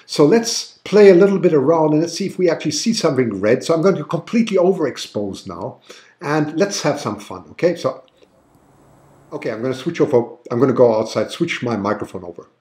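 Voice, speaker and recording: Upbeat live-stream host, male, German-tinged accent, slightly higher voice, chatty and exclamatory. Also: big pitch swings, brisk, darkish tone. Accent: German-tinged English. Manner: enthusiastic, chatty, exclaims often. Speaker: livestream host and photographer. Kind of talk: live-stream chat reading viewer comments. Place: home, then outdoors at night.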